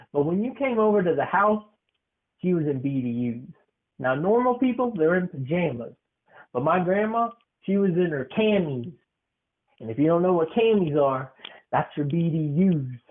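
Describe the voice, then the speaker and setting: A man hosting a podcast, telling a funny family story in a rambling way, with lots of fillers and restarts. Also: a little high. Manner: meandering, full of fillers and restarts. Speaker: podcast host. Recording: tinny phone-like sound.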